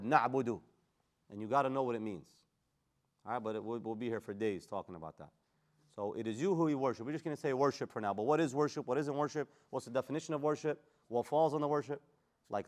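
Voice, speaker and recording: A man teaching a Quran class, animated and quizzing his students in casual street phrasing. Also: medium pitch. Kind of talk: classroom lesson on Quran tafsir.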